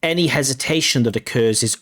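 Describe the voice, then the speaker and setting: A man working as a language test examiner, giving spoken feedback in a measured, think-aloud way and correcting himself as he goes. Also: mid-range voice, fairly bright tone. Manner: measured, reads out band descriptors and questions them.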